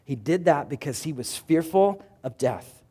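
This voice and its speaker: A male pastor giving a sermon, retelling a scripture story dramatically and swinging between loud and hushed passages. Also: fairly high pitch, animated, a little slow, husky.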